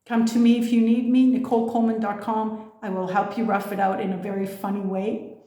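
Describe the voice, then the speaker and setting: A woman speaking as a spiritual coach in a loose, motivational monologue. She is blunt and emphatic, with casual swearing, at a middling pitch. The room around her sounds echoey. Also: flat delivery, fairly quick, warm tone.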